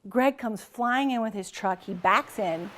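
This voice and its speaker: A woman's voice: mid-range voice, a little slow, a little hiss or hum. A woman urgently narrating a flood rescue in the present tense, in a documentary interview. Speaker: neighbor.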